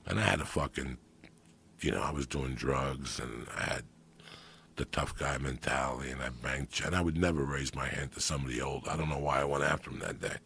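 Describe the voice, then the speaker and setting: A middle-aged man, telling profane street stories on a podcast, swinging between loud bursts and hushed asides. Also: rumbling low, brisk, creaky, slightly rough. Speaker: comedian guest. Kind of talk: storytelling podcast chat.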